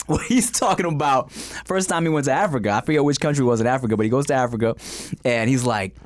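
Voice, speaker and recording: A man's voice: medium pitch, fast, dry recording, studio quality. A young man co-hosting a podcast in casual, joking chat. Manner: joking, slips into put-on accents. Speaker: podcast co-host.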